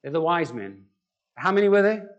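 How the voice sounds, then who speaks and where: A man's voice: fairly high pitch, animated, moderate pace, lo-fi sound. A man preaching a conversational sermon and putting questions to the congregation. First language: Afrikaans. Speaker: pastor.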